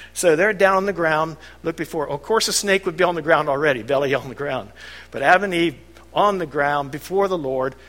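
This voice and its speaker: Mężczyzna wygłasza kazanie swobodnym, gawędziarskim tonem, wtrącając żartobliwe uwagi. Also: male voice, on the high side, fairly bright tone. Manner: conversational, chuckling asides. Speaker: preacher. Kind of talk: sermon. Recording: long hall reverb.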